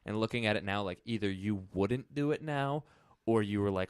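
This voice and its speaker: A man's voice: on the low side, moderate pace, clean tone, no room sound, clean studio sound. A young man co-hosting a podcast, telling a rambling story in casual chat and swearing freely. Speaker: podcast co-host.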